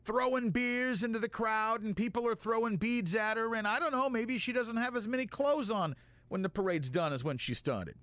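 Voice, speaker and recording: Guy putting on laid-back country sheriff, high lively voice, dry room. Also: moderate pace, dry recording. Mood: easygoing. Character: laid-back middle-aged male small-town sheriff.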